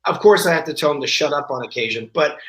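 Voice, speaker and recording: A man chatting as a guest on a podcast, telling anecdotes with lively energy. His voice sits a bit high and he slips into other people's voices as he quotes them. The sound is roomy, with a noticeable echo. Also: fast. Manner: animated storyteller, acts out quoted voices. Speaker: guest actor. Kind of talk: casual podcast chat.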